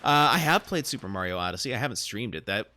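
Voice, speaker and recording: A man's voice: medium pitch, animated, fast talker, bright, forceful tone, a little hiss or hum. A man streaming himself reading a visual novel aloud, chatting in a rambling way with lots of fillers. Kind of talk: casual live-stream reading and chat.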